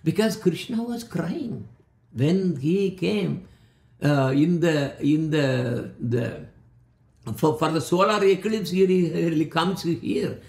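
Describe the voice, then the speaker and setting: A man with a high voice delivers a devotional talk in an echoey room. He often repeats words while searching for the next one. Now and then he slows down to chant verses. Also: creaky, darkish tone. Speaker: spiritual speaker. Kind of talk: devotional discourse.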